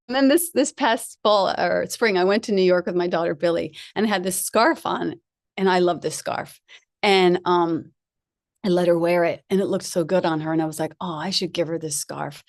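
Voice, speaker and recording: A woman's voice: on the low side, moderate pace, no echo, clean studio sound. A middle-aged woman giving a spiritual talk, chatty and laughing often as she tells personal stories. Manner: chatty, laughing, lively storytelling. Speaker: guest speaker.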